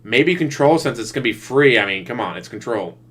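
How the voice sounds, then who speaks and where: A man's voice: medium pitch, animated, a little fast, a bit bright. A man giving sarcastic, mocking running commentary while he watches another streamer's broadcast. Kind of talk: casual reaction commentary. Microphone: desktop USB mic.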